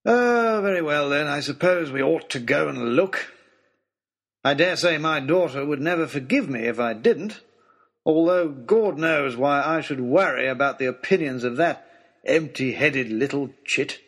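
A man voicing a gruff, imperious older aristocratic lord who talks in a snappish, scornful way, as a storybook character. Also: on the high side, lively intonation, measured pace, fairly bright tone, full character voice.

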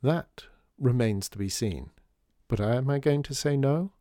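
A man reading a storybook voices a calm, patient father speaking deliberately. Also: mid-range voice, no room sound, clean studio sound, pitched above the performer's own voice, natural voice.

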